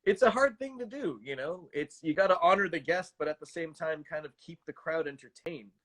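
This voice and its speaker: A man in his thirties, a voice actor chatting as a guest, animated and self-deprecating, often stammering and restarting. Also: fairly high pitch, brisk. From Canada. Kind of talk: casual interview chat.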